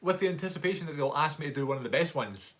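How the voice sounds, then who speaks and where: A man's voice: a little high, expressive, racing, a bit bright, slight background noise. Chatty Glaswegian man on a live stream. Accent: Glaswegian Scottish. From Scotland. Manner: chatty, rambling storyteller who laughs often. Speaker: YouTuber and actor.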